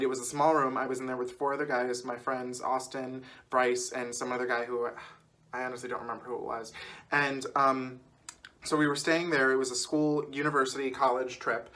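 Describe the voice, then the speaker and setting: A man's voice: medium pitch, fairly bright tone. A man in his twenties chatting casually as a vlogger, rambling through an anecdote and laughing often. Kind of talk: casual storytelling.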